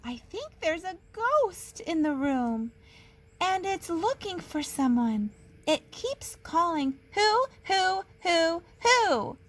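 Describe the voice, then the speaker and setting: A woman's voice: very high-pitched, very animated, takes it slowly, voice pushed up, heavily acted. A woman doing a scared little boy mouse. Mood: frightened. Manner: anxious, pleading. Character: small frightened young boy mouse.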